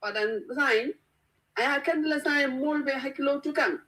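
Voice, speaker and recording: A woman's voice: sits high, unhurried, fairly bright tone, rough recording. Chatty woman panelist. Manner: chatty storyteller, mixes English with local language. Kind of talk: talk show discussion.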